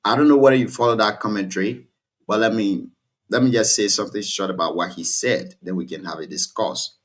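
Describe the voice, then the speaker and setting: A man with a Liberian accent hosting a studio talk show, talking in a measured, explanatory way and reading quotes aloud. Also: fairly low pitch.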